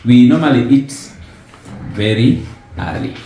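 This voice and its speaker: A man's voice: medium pitch, lively intonation, unhurried, phone-quality sound, faint music behind. A man giving an informal language lesson, patiently asking questions and repeating words for his learner. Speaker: language teacher. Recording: very echoey room.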